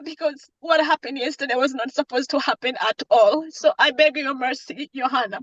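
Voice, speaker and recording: An emotional woman, a mother testifying in court over a phone video call from a parked car, pleading and halting with repeated words. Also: sits high, dry recording, muffled recording.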